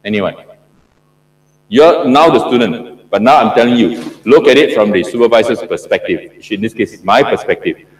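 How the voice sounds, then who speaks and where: With a lowish, expressive voice at normal speed, a middle-aged Singaporean professor lectures on PhD supervision, drawing the audience in with questions and emphatic repetition. He's picked up by a distant mic amid roomy lecture hall echo.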